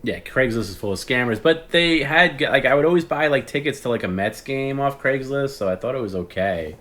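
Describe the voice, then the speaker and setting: A man's voice: medium pitch, lively intonation, brisk, fairly bright tone. A man hosting a livestream, telling a rambling story in casual chat, acting out phone calls and swearing often. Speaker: podcast host.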